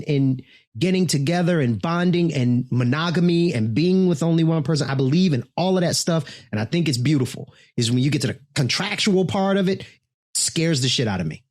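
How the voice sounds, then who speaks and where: A man's voice: fairly high pitch, animated, brisk, darkish tone, no room sound, clean studio sound. A man co-hosting a casual chat show, talking bluntly with profanity and jokes. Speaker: co-host.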